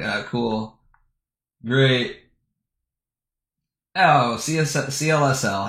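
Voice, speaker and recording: A man's voice: medium pitch, expressive, very slow, long pauses, bright, forceful tone. A young man streaming, giving crude, scornful reaction commentary with plenty of swearing. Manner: scornful, swearing, breaks into laughter. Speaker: streamer reacting to posts and videos. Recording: roomy echo.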